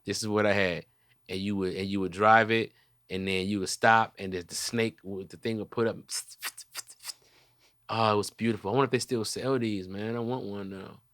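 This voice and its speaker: A young man hosting a comedy podcast, telling animated stories and cussing freely in casual chat. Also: lowish voice, normal speed, no room sound. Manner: animated storytelling, swears freely. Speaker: podcast host.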